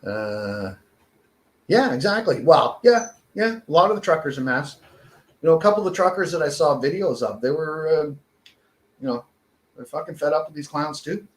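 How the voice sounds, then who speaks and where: A man's voice: a little high, lively intonation, normal speed. A Canadian man ranting in a casual podcast chat, swearing constantly. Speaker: podcast co-host. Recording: echoey room.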